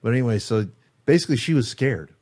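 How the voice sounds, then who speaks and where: A guitarist from the San Francisco Bay Area, interviewed as a guest in a studio, speaks quickly in a medium-pitched, slightly mellow voice with lively intonation. He tells his story casually, performing the quotes and cursing freely.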